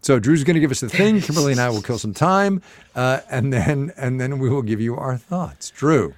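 A man co-hosting a casual political talk show, animated, often jumping in and repeating himself. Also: medium pitch, moderate pace, no echo. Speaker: co-host.

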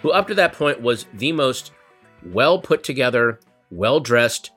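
A man telling a comic story in an animated, wry way, building tension. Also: medium pitch, a little slow. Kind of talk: comedic storytelling. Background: guitar music.

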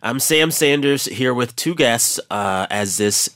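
A man's voice: mid-range voice, animated, takes it slowly, fairly bright tone, no room sound, clean studio sound. A man in his thirties hosting a radio talk show, chatting casually with a playful, self-mocking manner. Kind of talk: casual chat. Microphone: studio microphone.

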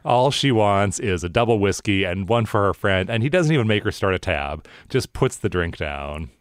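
A man co-hosting a podcast, giving relaxed, wry commentary on a TV episode. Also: on the low side, moderate pace, no room sound, clean studio sound. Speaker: podcast co-host. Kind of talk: casual TV recap chat.

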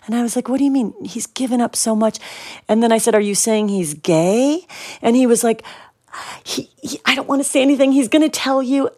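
A woman's voice: mid-range voice, a little mellow, dry recording, studio quality. A woman guest in an interview, telling a personal story and acting out quoted lines with whispers and shifts of voice.

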